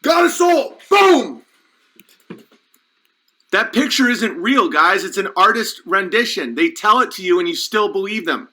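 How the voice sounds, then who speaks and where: A man's voice: high-pitched, animated, normal speed, hardly any pauses, bright, forceful tone, poor audio. A man hosting a podcast, delivering a fired-up, preachy and emphatic monologue. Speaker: podcast host. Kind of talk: impassioned conspiracy monologue.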